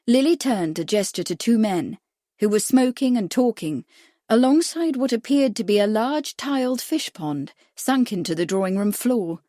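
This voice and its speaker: A woman reads a mystery novel aloud in a steady, measured storytelling voice. Her pitch sits in the ordinary middle range, and the recording is close and completely dry, with no room sound at all. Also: dry recording. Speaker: audiobook narrator. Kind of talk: scripted narration.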